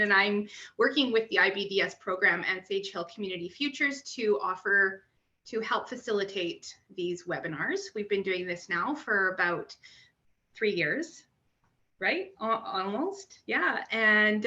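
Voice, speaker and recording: A woman's voice: mid-range voice, sharp tone. A woman facilitating a webinar over a video call, friendly and hesitant, with many ums. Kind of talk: opening remarks for a webinar. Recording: muffled video-call audio.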